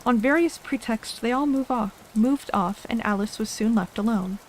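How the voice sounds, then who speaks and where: A woman reads a storybook aloud in a soft, gentle ASMR style, her voice sitting a little high and unhurried. A faint hiss of rain runs underneath the narration. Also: rough recording. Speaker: ASMR reader.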